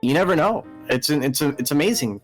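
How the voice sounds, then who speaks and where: A man hosting a casual gaming podcast, talking excitedly and rambling with restarts, with a mellow voice. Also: a little high, fast, soft background music, rough recording. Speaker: podcast host. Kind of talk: casual chat.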